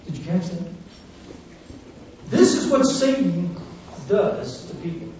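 A man preaching a sermon, telling a story fervently and swinging between hushed and loud passages. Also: high voice, sing-song, slow pace, long pauses, a little hiss or hum. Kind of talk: sermon testimony. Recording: muffled, echoey, distant church recording.

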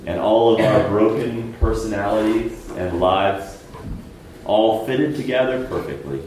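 A man preaching a sermon, moving between loud emphatic peaks and hushed low lines and asking the congregation rhetorical questions. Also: unhurried, heavy reverb, slight background noise, low-quality recording.

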